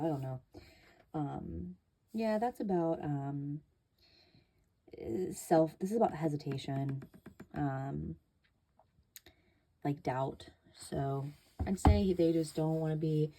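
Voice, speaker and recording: A woman with a low, mellow voice talks through a tarot reading in a loose, chatty way. She fills her speech with ums and likes and swears casually. A faint hiss sits under her voice. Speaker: tarot reader.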